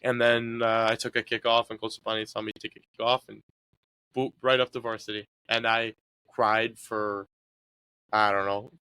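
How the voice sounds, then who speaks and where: A man's voice: lowish voice, little pitch movement, normal speed, sharp tone, clean tone, no room sound. A young man being interviewed about his sports years, talking in an easygoing, rambling way with lots of fillers. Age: young adult. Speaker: guest, college soccer player. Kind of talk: casual interview talk.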